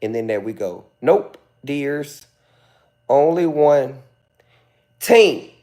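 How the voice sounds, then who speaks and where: A man's voice: mid-range voice, sing-song, very slow, a little mellow. A man hosting a live stream, sassily and theatrically roasting a commenter in mock-pleading asides. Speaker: livestreamer.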